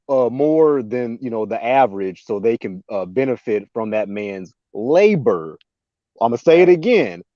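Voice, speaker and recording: A man's voice: medium pitch, mellow, no echo, dull audio. A man on a casual panel, making emphatic points and laughing between them.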